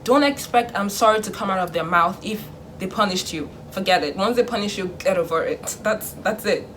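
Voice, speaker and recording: A young woman vlogging in casual chat, animated, acting out her parents in a hushed voice. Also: medium pitch, brisk, slight background noise.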